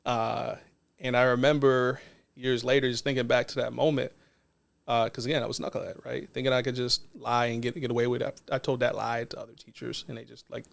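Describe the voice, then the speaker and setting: A man's voice: medium pitch, level tone, a little fast, creaky. A man, a non-profit co-founder, telling a personal story in a casual interview in an earnest, reflective way.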